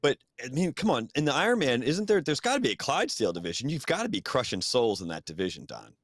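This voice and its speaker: A man's voice: mid-range voice, big pitch swings, fast talker, dry recording, studio quality. A man hosting an interview podcast, chatting casually and teasing his guest in a joking way. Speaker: podcast host.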